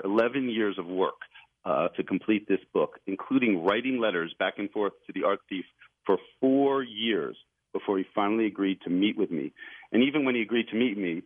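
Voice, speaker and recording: A man, an author and journalist, talking as a guest in a radio interview, telling his story eagerly and chuckling now and then. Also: lowish voice. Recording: tinny phone line.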